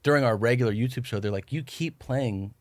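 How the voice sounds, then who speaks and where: A man's voice: medium pitch, brisk, no echo. A man guesting on a podcast, telling rambling stories in casual chat and acting out what others said to him.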